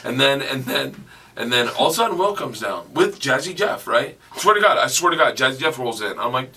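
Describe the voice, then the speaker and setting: Man, comedian storyteller, rowdy, laughing, bright tone, radio studio, mic a bit far. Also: medium pitch, very animated, fairly quick, breathy edge. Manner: rowdy, laughs between lines, mimics voices. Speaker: comedian guest. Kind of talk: storytelling on a radio talk show.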